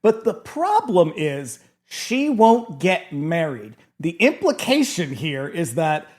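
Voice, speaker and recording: A man with a high voice co-hosting a podcast about a horror film, leaping all over his range as he talks. He is lively and quick to cut in, keeping a casual chat tone. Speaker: podcast co-host.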